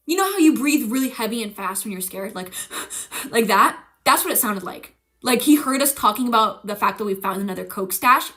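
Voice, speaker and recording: A young woman streamer telling a story in casual chat, animated and profane, acting out the voices of the people she quotes. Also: fairly high pitch.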